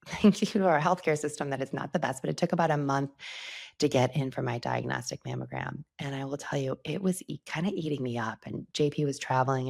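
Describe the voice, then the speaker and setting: A woman's voice: rumbling low, vocal fry, darkish tone. A middle-aged woman hosting a solo podcast, talking candidly and chattily, often laughing as she goes. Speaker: podcast host. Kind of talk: casual solo podcast talk.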